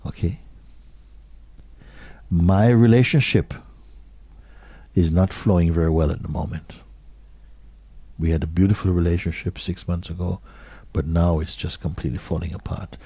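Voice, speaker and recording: A man giving a slow, measured satsang talk as a spiritual teacher, often dropping to soft, hushed phrases. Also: low-pitched, husky, dry recording.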